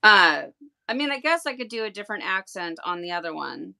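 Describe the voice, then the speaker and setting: A woman chatting on a craft livestream, thinking out loud and stumbling over her words as she asks questions. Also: mid-range voice, big pitch swings, a little fast, gravelly. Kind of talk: livestream craft demo chat.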